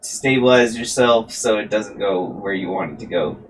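A man's voice: on the low side, moderate pace, slight background noise, low-quality recording. A man running a tabletop roleplaying game as dungeon master, laid-back and joking, with lots of fillers.

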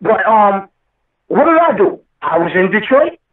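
A guest rapper with a high voice tells a long, emotional, rambling story in an interview, swearing along the way. He's very animated and a little slow, and the audio is tinny like a phone line, echoey and slightly distant from the mic.

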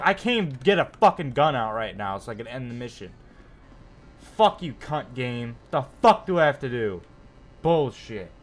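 A man's voice: medium pitch, lively intonation, normal speed. A young man streaming a game live, ranting irritably with constant swearing. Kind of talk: live gameplay commentary. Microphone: desk mic with facecam.

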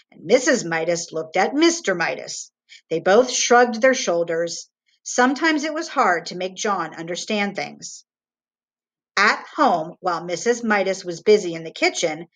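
Teacher lady reading a kids' chapter book out loud, very lively voice. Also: mid-range voice. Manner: expressive, animated read-aloud. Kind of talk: reading a children's novel aloud.

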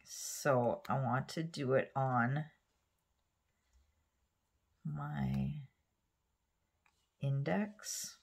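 Speaking extremely slowly in a rumbling low, husky, creaky voice, a woman nail art vlogger chats casually over her manicure. Her rambling story is full of fillers and long pauses, and at times she drops to a soft near-whisper as she works.

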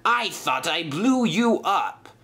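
A man's voice: high voice, very animated, takes it slowly, bright, forceful tone, breathy edge, pitched above the performer's own voice, heavily acted. A man voicing a greedy male sailor villain who growls and grumbles. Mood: smug.

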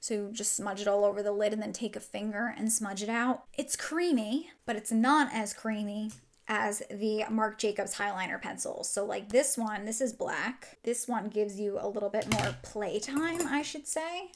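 A woman's voice: mid-range voice, moderate pace. A woman beauty vlogger chatting enthusiastically through a product review while she demonstrates makeup.

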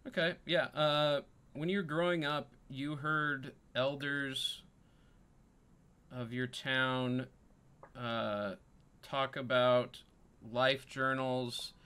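A man narrating as dungeon master in an unhurried way, pausing often with ums. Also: medium pitch, steady tone, sharp tone, clean tone. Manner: unhurried, many ums and pauses. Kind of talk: narrating a tabletop game.

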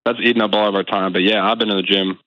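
A man calling in to an advice show, speaking candidly in halting phrases over a dull phone line. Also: on the low side, little pitch movement, no room sound. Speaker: caller. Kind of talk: phone-in conversation.

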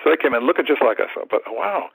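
Husky-voiced older man telling a story. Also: mid-range voice, fast talker, dry recording, poor audio. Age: 70s. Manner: animated storyteller, acts out quoted thoughts, repeats words. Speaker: guest, martial arts teacher. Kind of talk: storytelling in a podcast interview.

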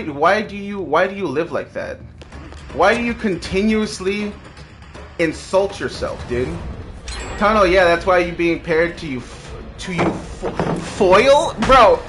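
A man's voice: high-pitched, bright, forceful tone, slight background noise. A young man streaming gameplay live, trash-talking and mocking with profane taunts and bursts of laughter over game music.

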